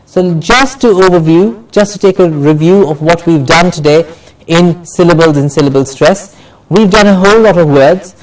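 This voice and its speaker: A man teaching a pronunciation class, modelling words slowly and carefully, drawing them out for his students to repeat. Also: a little high. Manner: slow, drawn-out modelling of words. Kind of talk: classroom lesson. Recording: voice from far off the mic.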